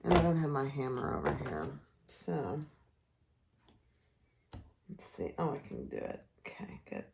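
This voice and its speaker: Woman, low pitch, slow pace, casual sewing tutorial, chatty, home sewing room, noisy recording. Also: big pitch swings, vocal fry, a little mellow. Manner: chatty, self-deprecating, talks while working.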